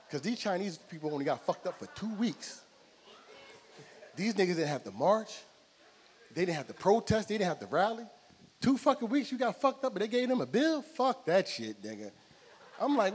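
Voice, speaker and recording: A man doing a raunchy stand-up set on stage with a high voice and loud, animated storytelling. The club has a long reverb and a live crowd murmurs behind him. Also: normal speed, long pauses, a little hiss or hum. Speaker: stand-up comedian. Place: comedy club stage before a live audience.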